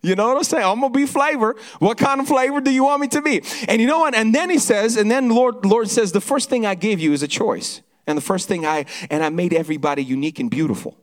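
A man speaking to a church congregation, energetic, repeating words as he introduces the next pastor. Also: high voice, fast talker, few pauses. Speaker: church worship leader. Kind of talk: church service talk.

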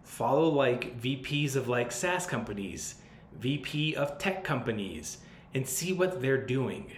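A man hosts a podcast, handing out advice in a loose, blunt, swear-heavy way. His voice sits at a middling pitch. The room around him rings a little, with a faint hiss in the background. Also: animated, unhurried. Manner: blunt and profane, loose and conversational. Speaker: podcast host. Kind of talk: casual advice monologue. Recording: roomy sound with faint background noise.

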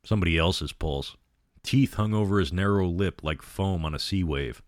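A man reads a horror story aloud in a steady, measured way. His voice is very low and deep. The sound is dry and close, with no echo. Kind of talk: reading a novel aloud.

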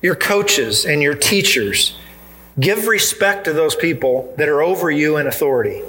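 A man's voice: a little high, lively intonation, moderate pace, bright, forceful tone, rough recording. A male pastor preaching a sermon in church, earnest and emphatic, driving points home with repetition.

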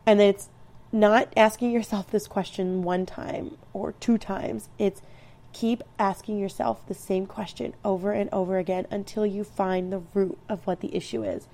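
A woman's voice: medium pitch, steady tone, normal speed, darkish tone. A woman in her thirties giving a reflective personal talk, earnest and rambling, with frequent restarts. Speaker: speaker sharing personal growth advice.

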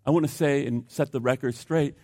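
A male pastor preaching a sermon, swinging between loud outbursts and hushed asides, with rhetorical questions and repeated words. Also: mid-range voice, fairly even intonation, a little fast. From United States.

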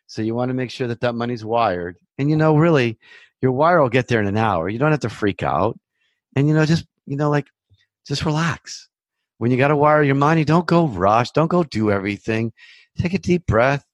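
A man's voice: medium pitch, no echo. A man talks through his advice in a loose, chatty podcast monologue. He reassures listeners and circles back over his points. His mid-range voice sits close and dry, with no room around it. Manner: chatty, reassuring, repeats himself, conversational asides. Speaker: mortgage loan officer hosting a podcast. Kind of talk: casual advisory monologue.

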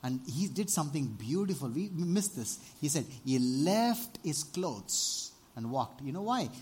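A man preaching a sermon, animated, often asking the congregation for amens and rising to loud exclamations. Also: on the high side, breathy edge. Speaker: pastor.

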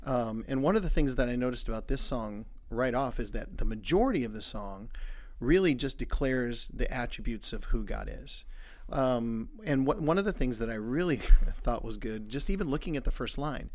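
A man joining as a guest in a casual discussion, explaining his thoughts in a measured way. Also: medium pitch, animated. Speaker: guest, ministry colleague.

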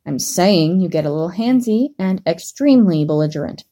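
A woman reading a story aloud, voicing a gruff, hot-tempered young man with a low, growling delivery. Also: animated, normal speed, mellow.

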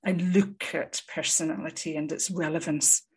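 Husky-voiced woman psychologist explaining. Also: deep voice, fairly even intonation, a little mellow. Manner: articulate, measured, with frequent ums. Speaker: psychologist guest. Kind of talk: conversational expert explanation.

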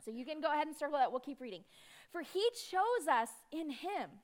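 A woman preaching a sermon in a conversational, emphatic way, with dramatic pauses on key words. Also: high voice, lively intonation.

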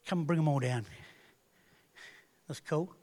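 A man preaching with a fairly high voice. He talks earnestly and conversationally, restarting phrases and swelling louder on key points. It sounds like a pastor addressing his congregation. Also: slow pace. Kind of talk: sermon.

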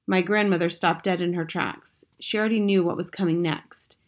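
A woman reading a children's storybook aloud as narrator, in a lively, expressive way. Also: lowish voice, normal speed, hardly any pauses. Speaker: audiobook reader.

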